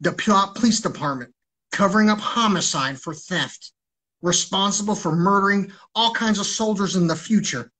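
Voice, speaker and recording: A man's voice: sits high, normal speed, a bit bright. A man ranting on a livestream in an agitated, rambling way, swearing heavily.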